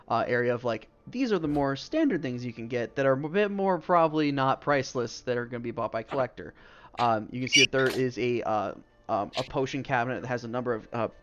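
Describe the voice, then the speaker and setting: A man's voice: mid-range voice, fairly bright tone. A man narrating a tabletop game as game master, rambling and full of "like" and "um". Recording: dull lo-fi stream audio with faint music.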